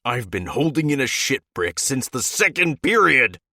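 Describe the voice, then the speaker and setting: A man voicing an impatient young male hockey teammate who yells whiny complaints. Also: mid-range voice, very animated, moderate pace, no room sound, studio quality, voice pushed up, full character voice. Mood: exasperated.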